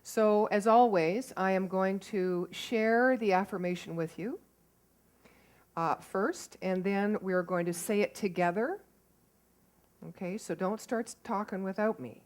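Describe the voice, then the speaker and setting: A woman's voice: medium pitch, unhurried. A woman practitioner leading a congregation through a spoken affirmation, with chatty, lightly humorous asides. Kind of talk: guided affirmation at a spiritual service. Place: spiritual centre service.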